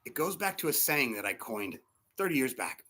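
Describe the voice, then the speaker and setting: A middle-aged man preaching a sermon as a pastor, animated and acting out the voices of people in his stories. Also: medium pitch, normal speed, husky.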